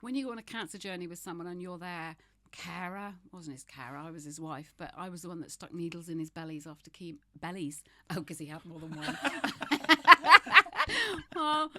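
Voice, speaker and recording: Frank woman in her fifties, low voice. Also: steady tone, quick pace, few pauses. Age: 50s. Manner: frank, laughs often, swears, shifts between humor and grief. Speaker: podcast guest. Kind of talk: candid conversational interview.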